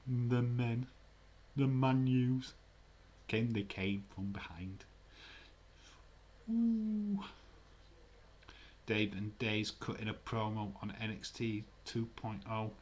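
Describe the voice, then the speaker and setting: A man hosting a live stream, chatting casually in a rambling way, swearing freely and reading viewer comments aloud. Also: lowish voice. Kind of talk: casual watch-along chat.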